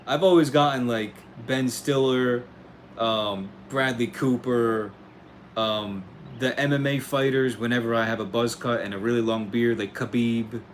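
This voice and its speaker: A man's voice: medium pitch, steady tone, a little slow, a little hiss or hum. An American man hosting a casual livestream, reading out chat comments in a laid-back way, laughing often and calling people "bro" and "dude". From United States. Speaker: livestream host answering chat.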